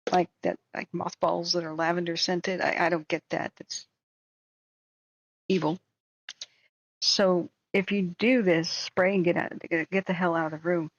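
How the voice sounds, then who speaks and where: Woman host of a home live stream, slightly sore voice, talky and emphatic, low pitch, muffled lo-fi mic. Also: level tone, measured pace, dry recording. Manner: chatty, emphatic, repeats words when starting sentences. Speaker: wildfire-tracking live streamer. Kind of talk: casual live-stream chat. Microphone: home streaming setup.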